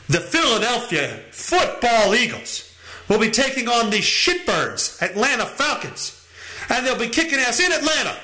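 High, lively, profane podcast host man. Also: echoey room. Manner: crude, profane, rambling riffs. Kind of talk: casual comedic monologue.

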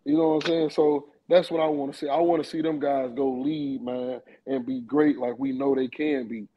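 A man's voice: medium pitch, fairly even intonation, moderate pace, lo-fi sound. A man talking loosely and in slang, repeating himself, as a panelist on a casual sports podcast.

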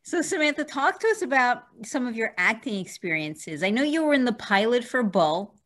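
A woman's voice: a little high, very animated, normal speed, a bit bright. A woman hosting an interview over a video call, a lawyer who chats easily, laughs, and explains at length. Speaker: host and lawyer. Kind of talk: casual interview.

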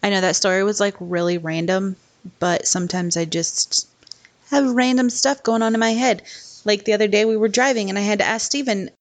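Chatty, rambling young mom. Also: female voice, mid-range voice, fairly quick. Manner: rambling, chatty, frequent "like" fillers. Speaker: mom vlogger. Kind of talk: casual chat. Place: home. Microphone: laptop microphone.

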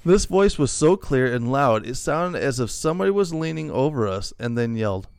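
A man's voice: medium pitch, sing-song, normal speed, gravelly, a little mellow, clear, resonant tone, dry recording. A middle-aged man hosting a casual chat, reading posts aloud with joking asides and frequent laughter. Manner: laughs often, jokey asides. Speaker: podcast host reading stories.

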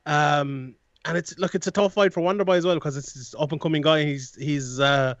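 A man's voice: a little high, steady tone, normal speed, a bit bright, no room sound, highs cut off. A man, a guest analyst in a casual sports chat, rambling with many restarts and frequent laughs.

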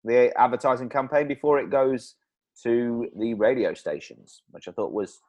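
A man co-hosting a comedy podcast, chatting casually and rambling, quick to laugh at his own jokes. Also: mid-range voice, lively intonation, darkish tone. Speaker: podcast co-host.

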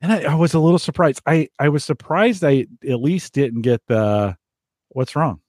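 A man's voice: fairly high pitch, expressive, moderate pace, a little mellow, no echo, clean studio sound. An American man hosting a gadget podcast in casual chat, chatty and laughing often, with many restarts. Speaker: podcast host.

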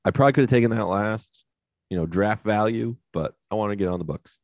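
A man's voice: fairly low pitch, quick pace, a little mellow, no room sound. A man co-hosting a podcast, chatting casually and retelling movie scenes in a loose, profane way. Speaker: podcast co-host. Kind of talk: casual chat.

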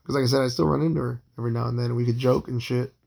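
A man in his late thirties with a heavily gravelly, husky voice, telling a personal story in loose, profane, rambling talk. He keeps his pitch flat and steady and stays in an easy, casual monologue. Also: rapid-fire. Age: 30s. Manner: profane, rambling, with frequent fillers and restarts.

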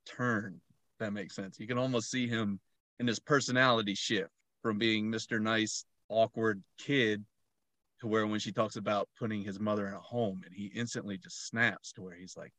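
A man co-hosting a casual film discussion, relaxed and chatty, laughing often as he talks. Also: on the low side, no room sound. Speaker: podcast co-host.

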